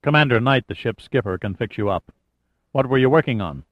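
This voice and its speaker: A composed expedition leader who briefs and directs plainly is voiced by a male audiobook reader sounding close to his natural self, medium-pitched and fairly quick, with lively intonation yet a level, matter-of-fact delivery. The recording is dry, slightly muffled, and echo-free.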